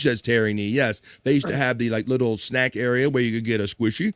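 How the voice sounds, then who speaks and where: A man's voice: medium pitch, fairly even intonation, fast, hardly any pauses, no echo, clean studio sound. Chatty male livestream host. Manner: chatty, reads viewer comments aloud. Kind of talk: casual livestream chat.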